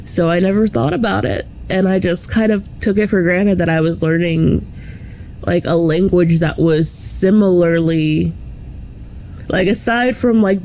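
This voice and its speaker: Chatty young woman with a gravelly voice. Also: fairly low pitch, dark tone, a little hiss or hum. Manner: rambling, chatty, laughs often between thoughts. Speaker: vlogger. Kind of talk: casual vlog chat.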